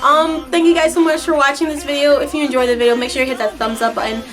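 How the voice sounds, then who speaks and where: A young woman vlogger telling a story to camera in a casual, excitable way, breaking into high squeals as she retells it. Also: quick pace, over music.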